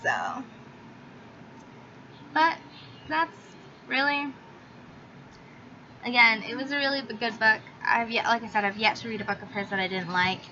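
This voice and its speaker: A woman's voice: fairly high pitch, unhurried, pauses often, pushed and bright. A young woman reviewing a book in a casual vlog, talking in a chatty, filler-heavy way and swearing freely. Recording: slightly dull audio with faint hiss.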